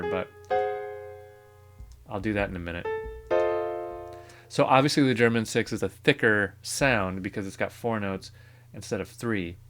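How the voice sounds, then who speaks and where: Male theory teacher, low-pitched and unhurried, piano notes in the background. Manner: relaxed, thinking aloud with fillers and self-corrections. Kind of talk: casual classroom lecture.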